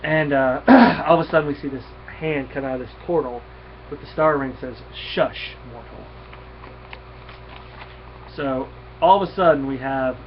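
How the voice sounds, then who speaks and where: A man casually reviewing a comic book, retelling the plot in a rambling way with fillers and restarts, on a dull lo-fi recording. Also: medium pitch. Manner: rambling, many fillers and restarts, reads dialogue aloud. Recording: dull lo-fi recording with faint hiss.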